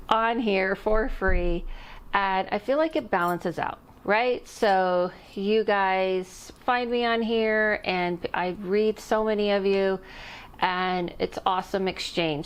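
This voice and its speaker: A woman's voice: mid-range voice, clean tone. A middle-aged woman who works as an intuitive medium, chatting casually to camera on her vlog and rambling off topic with little laughs. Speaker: intuitive medium and channel host.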